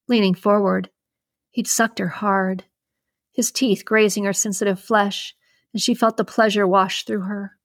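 A woman hosting a podcast, reading an erotic thriller novel aloud in a steady, measured way. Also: medium pitch, dry recording, studio quality. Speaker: podcast host and reader.

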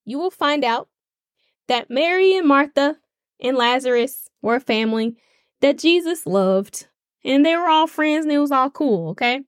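A woman's voice: on the high side, dry recording, clean studio sound. A woman hosting a faith podcast in a casual, emphatic way, often checking in with her listeners. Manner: conversational, emphatic, checks in with "okay?". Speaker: podcast host.

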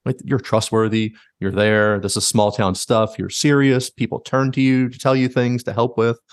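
A podcast host with a mid-range voice retells stories animatedly in casual conversation, leaning heavily on "like." He keeps a moderate pace, and the studio-quality recording has no echo.

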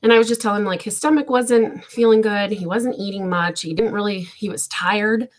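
A woman, telling an emotional personal story in a halting way, with many fillers, close to tears. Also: medium pitch. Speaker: guest.

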